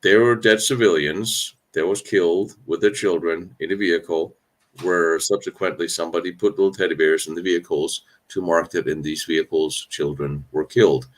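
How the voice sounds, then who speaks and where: A man's voice: low-pitched, steady tone, moderate pace. A man hosting a live stream Q&A on battlefield history, talking candidly and rambling, with sarcastic asides and frequent restarts. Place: indoors, traveling on location.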